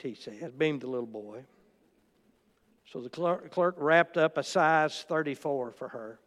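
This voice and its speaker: A man's voice: on the high side, a little slow, in a large hall. A man preaching a sermon, telling stories and quoting in a storytelling manner. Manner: storytelling with quotes and asides.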